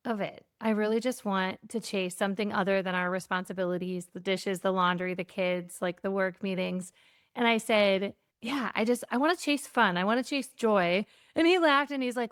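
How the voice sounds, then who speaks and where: A woman with a smooth, clean voice tells an animated story as a podcast guest. She acts out little bits of dialogue and fills her speech with a casual "like." The sound is dry and close, with no room echo. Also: medium pitch, normal speed. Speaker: guest, keynote speaker on joy.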